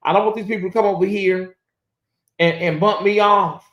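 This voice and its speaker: A man hosting a casual live-stream commentary, chatty and animated, often calling out to viewers. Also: high voice, normal speed, highs cut off. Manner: animated, chatty, laughs and addresses viewers as y'all. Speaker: commentary channel host.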